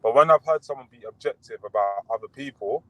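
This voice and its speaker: A young boxer appears as an interview guest over a video call, talking casually and fast in a medium-pitched voice. He's relaxed and rambling, with lots of fillers and restarts, and the recording sounds muffled.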